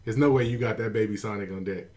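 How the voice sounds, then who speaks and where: A man's voice: lowish voice, quick pace, darkish tone. A man co-hosting a casual podcast, laid-back and slangy, arguing his point with emphasis. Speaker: podcast co-host. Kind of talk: casual chat.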